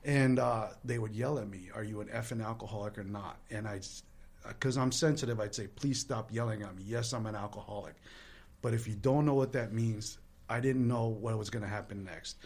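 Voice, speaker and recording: A man telling his recovery story in a candid, earnest and self-deprecating way, with small restarts. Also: medium pitch. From Latin American heritage. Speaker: guest sharing recovery story.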